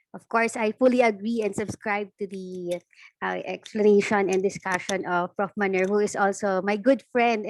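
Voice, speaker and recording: A woman's voice: mid-range voice, no echo. Filipino woman mixing English and Tagalog. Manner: friendly, mixes English and Tagalog. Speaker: panel speaker. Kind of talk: webinar panel remarks.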